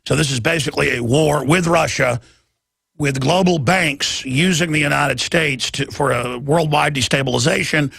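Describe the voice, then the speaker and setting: A man hosting a radio talk show, ranting in a heated monologue and often shouting as his pitch climbs. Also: normal speed, creaky, slightly rough, no echo, clean studio sound. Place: radio studio.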